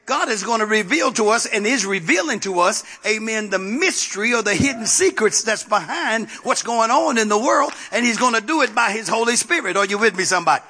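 A man's voice: high-pitched, animated, a little fast, few pauses, bright, forceful tone, slightly rough. A male pastor preaching a sermon, calling out to the congregation in a sing-song, rising cadence.

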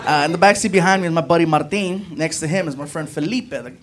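A man performing stand-up, telling a story in an animated way, acting out voices and laughing along. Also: a little high, fast talker, noisy background. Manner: animated, acts out voices, laughs at own jokes. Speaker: stand-up comedian.

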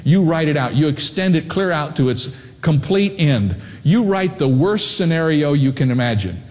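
A man preaching a sermon in earnest storytelling, slowing down to stress key lines. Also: fairly high pitch, expressive, a little mellow. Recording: long hall reverb.

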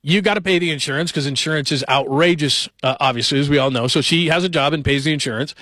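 A man's voice: on the high side, fast, pushed and bright, no room sound. A man in his forties hosts a sports radio show. He talks casually and tells joking stories in a slightly raised voice. His voice comes through a studio microphone with a dry, close sound. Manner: chatty, joking storyteller.

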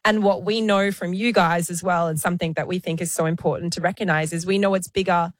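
A woman's voice: lowish voice, steady tone, fast, dry recording, clean studio sound. A woman podcast co-host speaking sincerely and earnestly in a heartfelt tribute.

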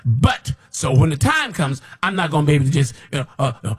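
Husky guy preaching, kinda high voice, scolding and blunt, rambles and repeats stuff. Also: big pitch swings, brisk, few pauses. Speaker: self-described prophet. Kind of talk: preaching to camera.

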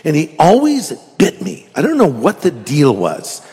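A man preaching a sermon in church, slipping into jokey stories with an animated, lively delivery. His fairly high voice rings out with a long hall reverb. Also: unhurried, breathy edge. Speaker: pastor.

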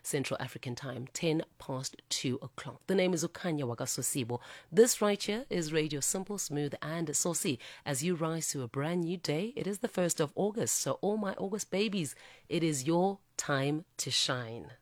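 A man presenting on the radio, chatting in a relaxed way and drawing out his phrases between songs. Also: on the high side, fairly quick, hardly any pauses, no echo, clean studio sound. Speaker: radio host. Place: radio studio. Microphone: studio microphone.

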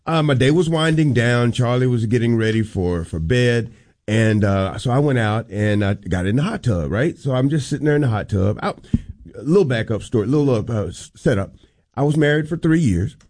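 Radio co-host, male, mid-pitched, heartfelt and halting storyteller on a studio mic. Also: expressive, a little mellow. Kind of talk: casual on-air storytelling.

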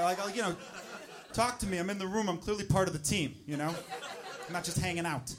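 A man doing a stand-up comedy set, telling a personal story with animated delivery and acted-out voices. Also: high-pitched, quick pace, a crowd in the background. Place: comedy club stage.

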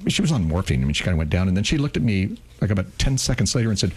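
On a radio show, a man in his sixties co-hosting shares a heartfelt personal story, earnest and emotional, slowing down on the key words. His voice is lowish and sing-song with a breathy edge.

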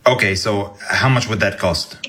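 A man's voice: on the low side, moderate pace, pushed and bright, husky. A man posing as a client on a phone call in a put-on Indian accent, with brief casual replies.

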